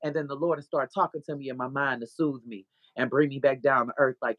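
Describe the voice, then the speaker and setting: A woman, a podcast guest and author, telling an animated, profane story of her faith. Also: extremely low pitch, fairly quick, hardly any pauses, dry recording. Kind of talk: casual testimony.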